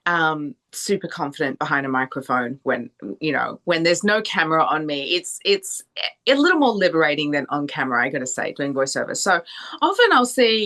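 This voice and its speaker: An Australian woman voice actor chatting in an interview, animated and laughing, slipping into playful voices. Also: fairly low pitch. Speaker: voice actor and singer guest. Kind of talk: casual interview chat.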